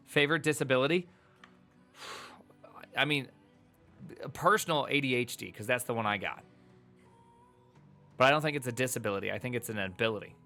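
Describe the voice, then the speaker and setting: A man chatting casually on a live stream as he reads tech articles, rambling and joking with his chat. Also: medium pitch. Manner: animated, jokey, rambling asides to chat.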